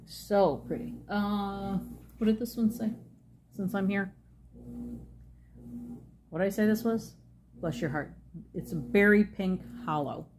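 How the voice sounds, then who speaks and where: A woman's voice: mid-range voice, a little slow, pauses often, background noise. A woman chatting casually as she reviews nail polish, rambling with frequent ums.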